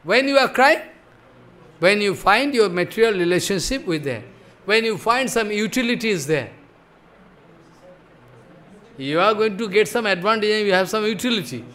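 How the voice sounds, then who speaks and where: A man's voice: high-pitched, normal speed, pauses often, sharp tone. A man giving a devotional sermon, emphatic and questioning, often checking with "follow?". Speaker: spiritual teacher.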